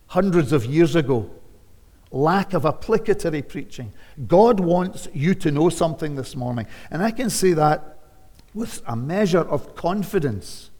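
A Scottish man in his seventies preaching a sermon, talking conversationally, then turning loud and emphatic. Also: on the high side. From Scotland. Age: 70s. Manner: conversational, swinging from quiet asides to loud emphatic declarations. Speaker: visiting preacher. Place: church sanctuary. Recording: long church reverb.

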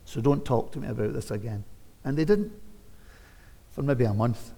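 A Scottish man in his seventies preaching a sermon, talking conversationally, then turning loud and emphatic. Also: mid-range voice, normal speed, vocal fry. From Scotland. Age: 70s. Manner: conversational, swinging from quiet asides to loud emphatic declarations. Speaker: visiting preacher. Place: church sanctuary. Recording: long church reverb.

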